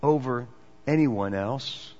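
A man's voice: medium pitch, slow pace. Preacher man in a dull echoing hall. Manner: swings between emphatic and hushed delivery. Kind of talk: sermon. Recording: dull, echoey hall recording.

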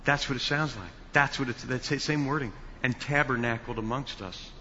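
A man preaching a sermon as pastor, slow and emphatic, building to loud stressed words. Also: mid-range voice, slight background noise. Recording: dull sound with long hall reverb.

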